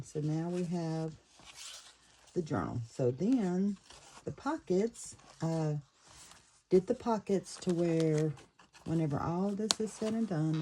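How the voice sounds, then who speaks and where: A woman casually talking through a handmade journal, thinking aloud and pausing to fiddle with the pieces. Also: fairly low pitch, warm tone, a little hiss or hum, low-quality recording. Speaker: paper craft creator. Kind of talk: casual craft flip-through.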